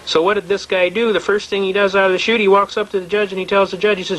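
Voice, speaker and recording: A man's voice: high voice, fast, few pauses, a bit bright, a little hiss or hum, rough recording. A man giving a folksy, blunt lecture on representing yourself in court, full of anecdotes and restarts. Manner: blunt, storytelling, frequent restarts and repetitions. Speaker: seminar speaker on self-representation in court.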